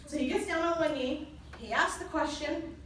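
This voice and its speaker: A woman's voice: sits high, normal speed. Young woman speaking in an echoey hall. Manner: lively storytelling, laughing often. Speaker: presenter at a company convention. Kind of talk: motivational talk with personal anecdotes. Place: large conference hall. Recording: echoey hall from far off, noisy.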